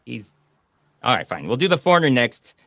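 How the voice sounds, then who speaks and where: A man hosts a casual online movie chat, talking over a video call. He rambles and gets animated retelling scenes, at a middle pitch. The sound is dry and close. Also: brisk, gravelly, no echo. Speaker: podcast host.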